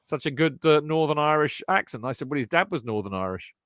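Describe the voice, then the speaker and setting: A man's voice: on the high side, expressive, quick pace, fairly bright tone, no echo, studio quality. A man hosting a fan podcast, talking in a chatty, rambling way with lots of fillers and restarts. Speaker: podcast host. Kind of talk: casual chat.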